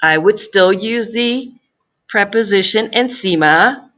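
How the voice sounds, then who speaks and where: A woman's voice: medium pitch, slow, fairly bright tone. A woman teacher explaining grammar in a recorded lesson, patient and careful, repeating key phrases and speaking. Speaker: Spanish teacher.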